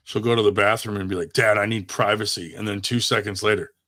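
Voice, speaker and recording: A man's voice: on the low side, fairly even intonation, quick pace, bright, forceful tone, no room sound, clean studio sound. A young man chatting casually on a podcast, laughing often and swearing freely about his daughter. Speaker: podcast co-host. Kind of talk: casual chat.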